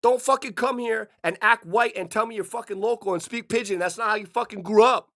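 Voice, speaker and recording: A man from Hawaii delivering an angry, profanity-filled rant, swearing constantly and bursting into shouts. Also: sits high, a little fast. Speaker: vlogger.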